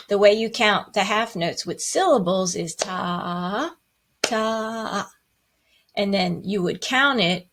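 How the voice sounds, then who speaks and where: A woman's voice: medium pitch, vocal fry, husky. A woman teaching a music lesson, patiently explaining rhythms and chanting the counting syllables with playful asides.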